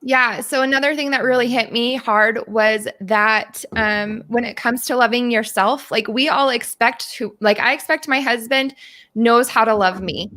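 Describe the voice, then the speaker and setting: A woman co-hosting a talk show, sharing her thoughts in a heartfelt, hesitant way with frequent pauses. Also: a little high. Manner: soft, hesitant, many pauses and "um"s. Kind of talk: heartfelt conversation.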